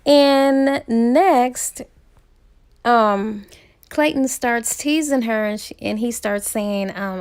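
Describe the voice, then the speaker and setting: A woman's voice: a little high, very slow, darkish tone, clear, resonant tone. A young woman casually retelling a romance novel, chatty with frequent laughs and fillers. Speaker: book reviewer.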